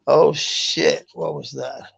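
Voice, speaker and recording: A man's voice: fairly high pitch, creaky, breathy edge. A man, rambling in a casual live chat with viewers, swearing often and laughing at comments. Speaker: livestreamer. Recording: muffled lo-fi stream audio.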